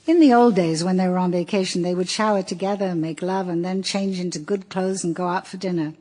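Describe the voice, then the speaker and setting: A woman narrating an audiobook in a wry, measured storytelling voice. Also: lowish voice, fairly even intonation, mellow. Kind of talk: audiobook reading.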